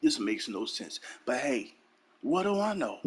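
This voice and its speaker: A man's voice: medium pitch, big pitch swings, a little slow, breathy edge. A man hosting his own gaming channel, ranting heatedly and profanely, repeating lines for emphasis.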